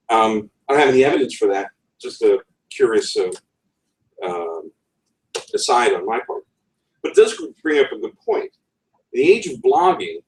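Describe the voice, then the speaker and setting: A man with a New England accent gives a conference talk on writing, and his pitch swings up and down with lively energy. He wanders off on wry asides and restarts his phrases. He sounds distant from the mic, with the echo of a roomy session room around him. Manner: digressive, wry, with frequent ums and restarts. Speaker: conference speaker.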